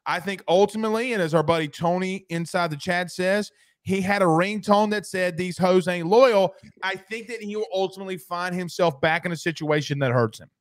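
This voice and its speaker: A man's voice: high-pitched, a little fast, fairly bright tone, no room sound, studio quality. A man co-hosting a sports podcast in casual chat, full of crude joking banter.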